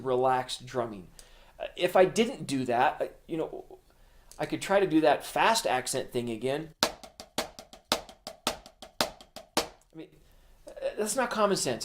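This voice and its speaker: A middle-aged man teaching a drum lesson, explaining patiently in plain words and counting beats aloud. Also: on the high side. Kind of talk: instructional video lesson.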